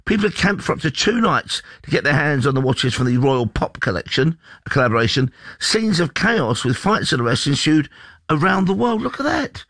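A man's voice: on the high side, expressive, brisk, fairly bright tone, no echo. A man from England co-presenting a casual breakfast radio show, rambling through anecdotes and reading news items aloud.

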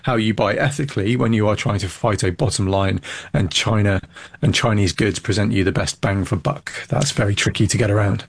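Man, low voice, gravelly, blunt, emphatic commentary, think tank guest. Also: fairly quick. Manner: blunt, emphatic, many restarts. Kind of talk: political commentary interview.

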